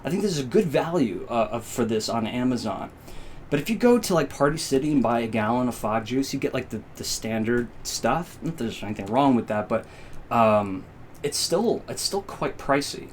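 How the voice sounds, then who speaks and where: A man hosting a live-stream unboxing, talking in a rambling, halting way with many fillers and growing emotional. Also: mid-range voice, lively intonation, a little hiss or hum. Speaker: candle channel host.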